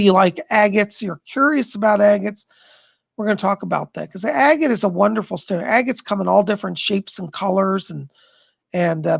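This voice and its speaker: A middle-aged man with a strained, gravelly voice, chatting with viewers and leading a guided meditation on a live stream. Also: sits high. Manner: chatty, gentle, thanks viewers by name; slow soothing guidance in meditation. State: strained, worn voice. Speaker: psychic medium streamer.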